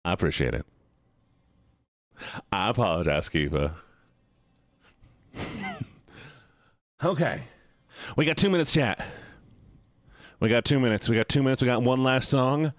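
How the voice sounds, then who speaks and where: A man's voice: medium pitch, animated, unhurried, long pauses, no echo, studio quality. A male live streamer chatting playfully with his viewers, pleading and teasing. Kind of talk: casual chat with viewers.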